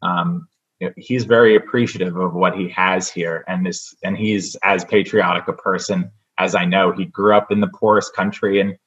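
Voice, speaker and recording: A man talking earnestly as a guest on a radio talk show, measured and full of fillers and restarts. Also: sits low, fairly even intonation, a bit bright, muffled recording. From United States. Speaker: state senate candidate guest.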